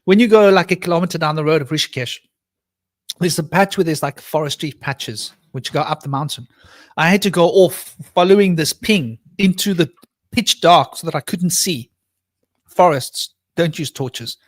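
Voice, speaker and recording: A man's voice: fairly high pitch, normal speed, no echo. A man on a live panel telling a long personal story, acting out quoted voices as he goes. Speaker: panel guest.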